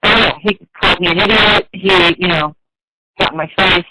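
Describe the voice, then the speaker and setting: A man heatedly recounting an argument in casual, profane talk, recorded in an office at a business. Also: sits high. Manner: profane, animated, quick to mimic others. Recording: loud background noise.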